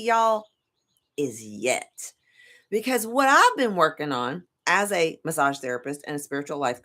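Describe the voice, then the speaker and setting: A middle-aged woman with a drawl rambles through a casual talk to camera. Her low voice swings up and down a lot, and she laughs and swears freely. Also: a bit bright. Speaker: tarot reader and life coach.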